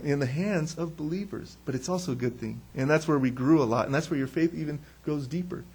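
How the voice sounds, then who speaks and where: Male pastor, casual conversational sermon, lively, slightly high-pitched, asks questions and answers them himself. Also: breathy edge. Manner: animated, acts out quotes.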